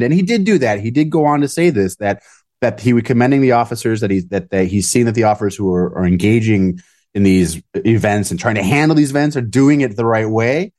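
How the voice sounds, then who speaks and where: A man's voice: mid-range voice, fairly quick, a little mellow. A man co-hosting a talk show, opinionated and sarcastic, ramping up into heated rants. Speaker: podcast co-host.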